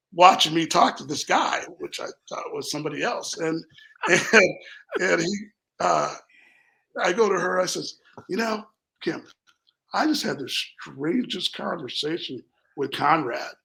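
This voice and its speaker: A man's voice: high voice, vocal fry, poor audio. A man from Minnesota, a company founder, telling a rambling story in a casual interview and acting out what people said. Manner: animated, rambling, acts out quotes.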